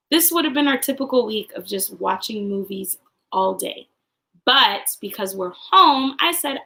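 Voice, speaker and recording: A young woman teaching a young class online, singing and chanting phonics in a cheerful sing-song voice with drawn-out words. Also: medium pitch, creaky, bright, forceful tone, rough recording. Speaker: kindergarten teacher.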